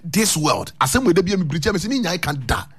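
Male radio pastor, high husky voice, lively pitch, call-and-response preaching. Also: rapid-fire. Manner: preaching, mixing languages, chanting lines for echo.

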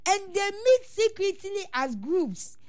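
High-voiced Ghanaian woman, earnest. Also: big pitch swings, takes it slowly, darkish tone, dry recording, clean studio sound. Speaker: football supporters' union leader. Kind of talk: interview answers, mixing Twi and English.

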